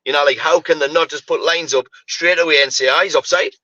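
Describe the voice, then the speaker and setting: Male podcaster, bright forceful delivery, exasperated football rant, dry lo-fi sound. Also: fairly high pitch, fast, no room sound. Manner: animated, exasperated ranting with repeated "mate" and "you know, like". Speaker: podcast co-host. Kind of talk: casual football podcast chat.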